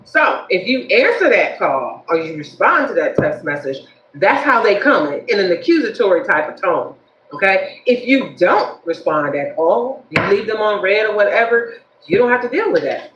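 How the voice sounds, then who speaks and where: Animated woman giving a tarot reading. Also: medium pitch, moderate pace, roomy sound, muffled recording, a little hiss or hum. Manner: animated, preachy, addresses viewers directly. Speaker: tarot reader.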